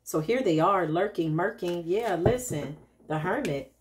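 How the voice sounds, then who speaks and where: A woman with a fairly low voice gives a relaxed tarot reading straight to her audience. She talks in a loose, chatty way and keeps tagging her points with quick questions to the listener. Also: a little hiss or hum. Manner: chatty, addresses viewers directly with frequent tag questions. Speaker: intuitive spiritual reader. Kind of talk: casual tarot reading to camera.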